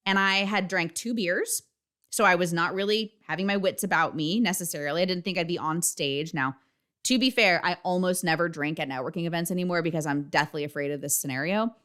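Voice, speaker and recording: A woman's voice: on the low side, fairly quick, a bit bright. A woman in her thirties hosting her own podcast, talking candidly and emphatically, with frequent swearing. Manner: frank and profane, emphatic. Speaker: podcast host. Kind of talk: candid solo podcast talk.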